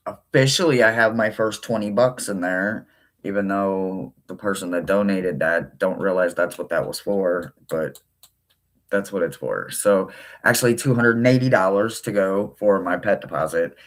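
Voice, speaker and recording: A man hosting a tarot reading livestream, chatting casually with viewers and breaking into sudden high-pitched exclamations. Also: normal speed.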